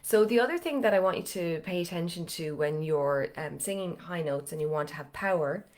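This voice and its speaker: Woman, vocal coach, a touch low and slightly strained, chatty step-by-step cues for a live online class. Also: animated, fairly quick. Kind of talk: live online singing lesson.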